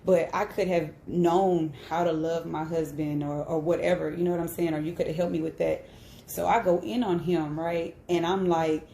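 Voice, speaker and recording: A woman's voice: low voice, fairly even intonation, moderate pace, creaky, dark tone, echoey room, a little hiss or hum. A woman in her thirties sharing a personal story on a live stream, candid and emphatic, often checking in with "right?". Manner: candid and emphatic, with frequent "right?" tag questions. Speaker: host.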